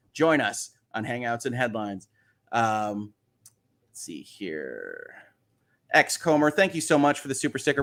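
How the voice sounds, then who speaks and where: A man's voice: on the high side, a bit bright. A man hosting a casual livestream, chatting about legal news, reading viewer questions and explaining cases. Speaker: host.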